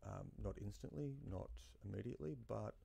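A man's voice: on the low side, fairly quick, vocal fry, dark tone, slightly rough. A man giving casual, rambling commentary while playing a game, with many fillers and asides to himself. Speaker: gaming YouTuber. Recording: faint game music behind.

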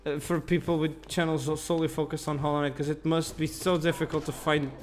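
A man's voice: a little high, little pitch movement, brisk, faint music behind. A young man giving casual commentary while playing a game, grumbling, swearing and mocking himself. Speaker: gaming channel host.

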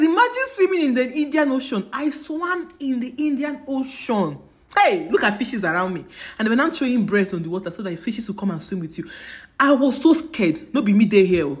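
A woman, retelling her experience in a casual vlog with dramatic, emphatic repetition. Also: high-pitched. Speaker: travel vlogger.

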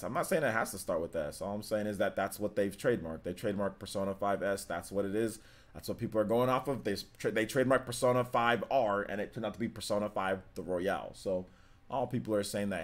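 A man's voice: lowish voice, quick pace. A young man hosting a gaming livestream, chatting casually, reading viewer comments and news aloud with many fillers.

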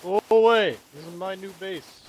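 High-pitched guy whining and pleading at other players, slight hiss. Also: moderate pace. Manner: whiny, dramatic, overacted outrage. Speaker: game player on voice chat. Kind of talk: pleading, angry in-game voice chat.

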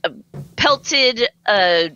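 A woman's voice: a little high, lively intonation, very slow, sharp tone, clear, resonant tone, highs cut off. A woman narrating a tabletop game as game master, hesitant and full of fillers.

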